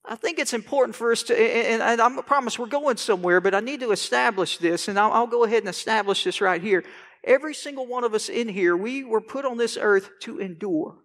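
A middle-aged man preaching a sermon as pastor, animated and dramatic, crying out scripture lines. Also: extremely high pitch, fairly quick. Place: church sanctuary. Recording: long hall reverb in church.

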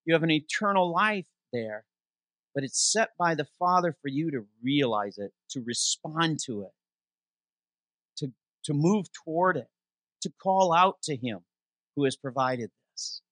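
A man preaching a sermon, his voice pitched a little above the usual for a man. The sound is dry and close, with almost no room echo. He slows down to stress scripture and asks the congregation questions before answering them. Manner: animated preaching, reads scripture aloud with slowed emphasis. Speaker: interim pastor. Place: church sanctuary.

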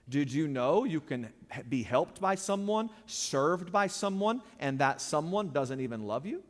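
A man preaches a sermon in a church sanctuary, emphatic yet conversational, pressing his points through call-and-response with the congregation and surging louder and higher on key points. His delivery is animated and measured, with hardly any pauses, under the long reverb of a church hall.

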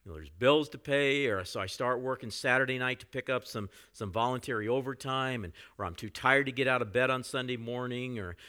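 Bright-voiced man preaching a sermon. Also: medium pitch, fairly quick, few pauses, clean tone. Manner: conversational preaching, frequent "you know" asides. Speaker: pastor.

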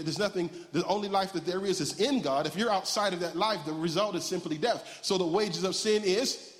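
A man preaching, his voice sitting high. He banters playfully with the congregation between points, and his words ring out with a long reverb through a large church hall. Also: a bit bright. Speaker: pastor. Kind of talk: sermon.

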